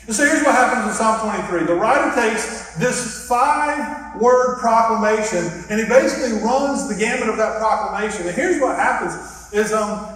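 A male pastor delivers a sermon in an earnest, reflective way, leading his listeners step by step. His voice sits fairly high for a man. It is picked up from well back in a large church hall, with a heavy, long-ringing echo. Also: normal speed, a bit bright. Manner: earnest, reflective, leads the audience through a hand gesture exercise. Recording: echoey hall from far off.

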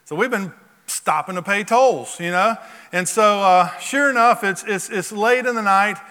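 A male pastor telling a story from the pulpit in an animated, repetitive storytelling manner. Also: sits high, moderate pace. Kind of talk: sermon storytelling. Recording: long hall reverb.

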